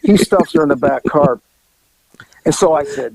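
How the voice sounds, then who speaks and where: A man's voice: on the high side, expressive, normal speed, gravelly, a little mellow, no room sound. An older man, a former detective, telling rambling, profane anecdotes in casual chat. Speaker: retired detective telling stories. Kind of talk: casual storytelling.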